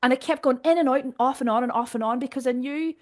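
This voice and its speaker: A Northern Irish woman, a guest in a casual conversation, talking in a direct, animated way and often laughing. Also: high-pitched, quick pace. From Northern Ireland.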